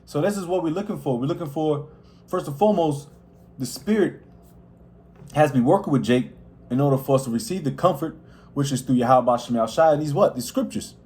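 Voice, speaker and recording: A man's voice: a little high, brisk, a little mellow. A man teaching a casual scripture lesson in a slangy, rambling way, full of restarts, with a voice that carries. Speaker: Bible teacher.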